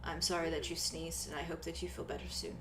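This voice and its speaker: Woman playing a quiet, painfully formal winged man; polite, stiff, awkward. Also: fairly low pitch, fairly even intonation, fast talker, recorded from a distance, crowd noise, close to an everyday voice. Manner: stiff, formal and soft-spoken. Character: shy stiff male winged being, very formal.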